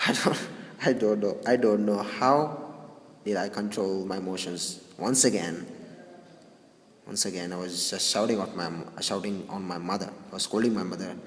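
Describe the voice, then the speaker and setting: A grieving man recalling a family funeral, speaking haltingly with many restarts and sighs. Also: low-pitched, fairly even intonation. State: grieving, subdued. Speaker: grieving brother recounting a funeral. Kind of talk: personal spoken recollection. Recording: roomy reverberant hall with faint noise.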